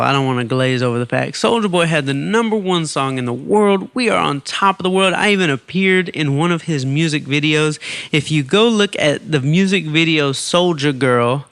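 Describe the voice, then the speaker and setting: A male podcast host tells a personal story with lively energy, slipping into other people's voices as he goes. His voice sits somewhat high for a man. The recording is close and dry, with no room sound. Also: dry recording. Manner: animated, acts out quoted voices. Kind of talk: storytelling monologue.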